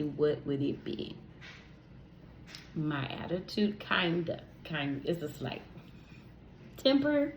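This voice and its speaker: A woman's voice: low-pitched, highs cut off, a little hiss or hum. A young adult woman hosting a podcast, chatting casually and expressively, talking straight to her listeners and laughing easily. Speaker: podcast host. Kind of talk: casual solo podcast chat.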